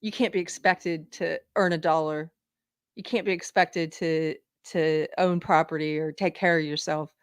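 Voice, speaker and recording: Female commentary host, emphatic and indignant, lower voice, dry close sound. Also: fairly even intonation, moderate pace, clean tone, no echo. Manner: indignant, emphatic, reads items from a list. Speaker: livestream show host. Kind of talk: live political commentary.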